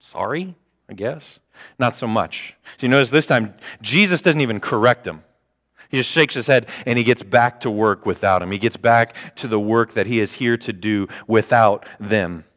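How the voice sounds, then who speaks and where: A man preaching a sermon, retelling scripture with playful mock dialogue and animated asides. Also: fairly low pitch, normal speed, in a large hall. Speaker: pastor.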